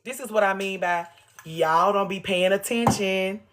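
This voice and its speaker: A woman's voice: medium pitch, unhurried, slight background noise. A woman hosting a casual livestream from home, talking bluntly and with lots of profanity, hammering her points with repetition. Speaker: livestream host. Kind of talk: casual unscripted livestream monologue.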